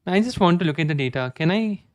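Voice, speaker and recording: A man's voice: high voice, expressive, fast talker, dry recording, clean studio sound. A man in his twenties chatting casually with viewers during a live coding stream, self-deprecating and often restarting his sentences. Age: 20s.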